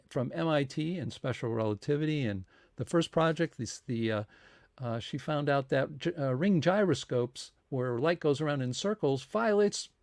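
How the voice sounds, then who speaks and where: A man's voice: a little high, a little mellow, no echo, clean studio sound. A man hosting a science talk series, making casual, rambling announcements with many fillers and restarts and earnest appeals for support.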